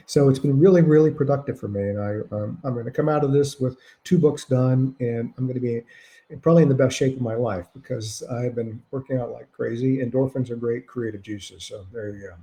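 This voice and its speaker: Gravelly, dark-voiced male author. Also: medium pitch. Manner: wry, self-deprecating humor. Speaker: author answering reader questions. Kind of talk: casual anecdotal storytelling. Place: at home during lockdown. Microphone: video call.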